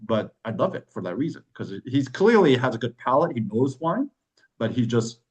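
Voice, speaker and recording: A man tells a story in a loose, casual way, and his pitch leaps around as he acts out what other people said. His voice sits in a middle register. He swears now and then and keeps the telling relaxed and chatty. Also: normal speed, poor audio. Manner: animated, swears, acts out quoted voices with big pitch jumps. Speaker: wine club host.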